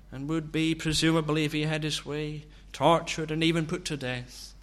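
Slow, bright-voiced male preacher. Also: a little high. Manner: slow, searching, rhetorical questions. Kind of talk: sermon.

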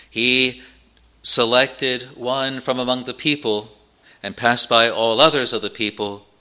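A man preaching a sermon slowly and earnestly, pausing often with "uh" as he explains scripture. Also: mid-range voice, bright, forceful tone, smooth. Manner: slow, earnest preaching with frequent "uh" pauses.

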